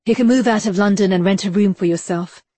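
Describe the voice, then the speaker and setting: A woman voicing a stern, urgent Victorian gentleman who talks in terse commands. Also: medium pitch, fast, dry recording, close to an everyday voice. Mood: commanding.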